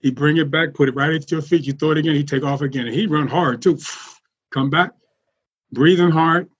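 Podcast guest: husky man, fairly high voice, lively anecdotal delivery, muffled lo-fi sound. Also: a little fast. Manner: animated, laughs often while telling stories. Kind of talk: casual storytelling.

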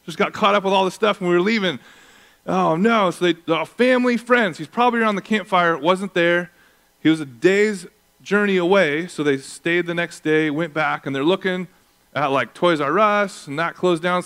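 A man in his thirties preaching a sermon as pastor, telling stories with lively acted-out voices. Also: high-pitched, normal speed, clear, resonant tone. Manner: animated storytelling, acting out voices.

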